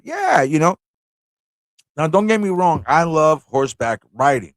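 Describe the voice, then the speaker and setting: A man from New York City runs a casual live online show, rambling and laughing through stories laced with swearing. His fairly high voice is very animated but slow, with long pauses, and the recording is dry.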